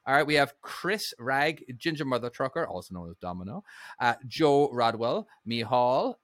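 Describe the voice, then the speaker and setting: A man's voice: mid-range voice, very animated, moderate pace, a bit bright, dry recording. A man with an Irish accent co-hosting a casual podcast, laughing and rambling as he reads out supporters' names. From Ireland. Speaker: podcast co-host.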